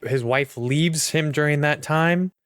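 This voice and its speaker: A man's voice: on the high side, measured pace, a bit bright, smooth, no room sound. A man co-hosting a podcast, casually and enthusiastically discussing a film. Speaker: podcast co-host. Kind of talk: casual movie review chat.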